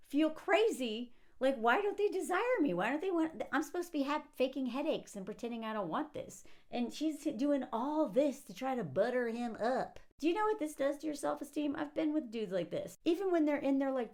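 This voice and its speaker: Sarcastic, animated woman film commentator. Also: sits high. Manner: sarcastic and animated, acting out characters' lines; laughs often mid-sentence. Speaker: movie commentator.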